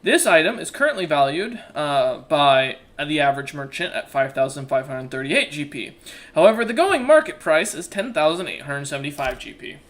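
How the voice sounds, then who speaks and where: A man running a tabletop game as game master, often pausing with uh and um. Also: on the high side, big pitch swings, fairly bright tone. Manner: hesitant, fills pauses with uh and um.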